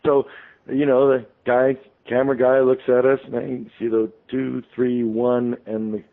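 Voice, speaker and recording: Man, radio guest, rambling storyteller, lots of ums, mid-pitched voice, phone-line sound. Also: level tone, a little slow. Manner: rambling, full of ums and restarts. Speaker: interview guest, author. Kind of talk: anecdotal storytelling on a radio show.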